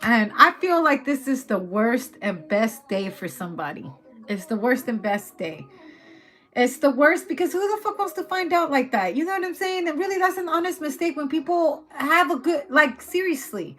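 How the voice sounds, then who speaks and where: Bright, high-voiced, swearing tarot reader woman. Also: animated, moderate pace. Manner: loose, profane, chatty, laughs often. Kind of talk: casual tarot reading.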